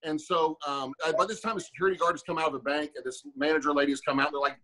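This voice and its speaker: The ex-fighter, a man in his forties, speaks very fast in a slightly high voice while rambling through a profane podcast tale. He animatedly voices the characters' lines, all captured on a low-quality recording.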